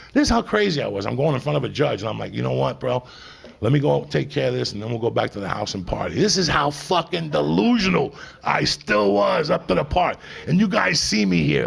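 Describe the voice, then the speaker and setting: Gravelly middle-aged man telling stand-up stories. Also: fairly high pitch. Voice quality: gravelly, husky voice. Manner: profane, rambling and confessional, talks straight to the crowd. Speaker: stand-up comedian. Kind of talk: stand-up storytelling.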